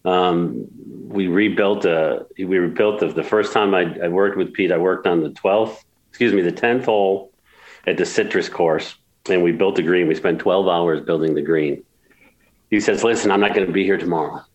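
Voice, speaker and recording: This golf course builder, a man in his sixties from upstate New York, talks as an interview guest and tells emotional stories, often restarting and repeating himself. He speaks in a low voice at normal speed, and the sound is lo-fi.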